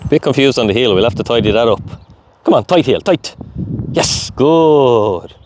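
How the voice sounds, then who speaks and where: A man's voice: medium pitch, expressive, fast. A man dog trainer giving commands, cheerful praise and running explanations during a live training session outdoors. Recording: outdoor background noise.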